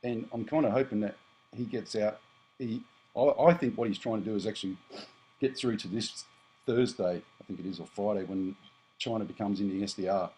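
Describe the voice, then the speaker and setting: Talking a little fast in a lowish, warm voice with a breathy edge, an Australian man in his fifties rambles bluntly to his viewers in a prepper vlog. He frequently corrects himself, and the recording is rough.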